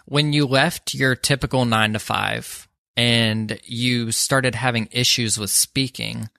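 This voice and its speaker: A man's voice: mid-range voice, steady tone, slow pace, creaky, bright, forceful tone, dry recording, studio quality. A young man hosting an interview, earnest and affirming as he asks questions and shares his own story. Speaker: podcast host. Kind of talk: interview conversation.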